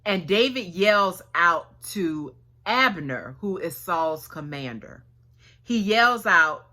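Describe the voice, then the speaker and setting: Lively storytelling woman preacher. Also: lowish voice, takes it slowly. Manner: storytelling with acted dialogue and casual slang. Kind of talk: sermon.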